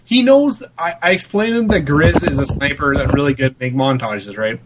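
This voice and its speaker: A man's voice: medium pitch, a little fast, background noise. A man on a casual gaming podcast, joking around with crude banter. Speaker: podcast co-host.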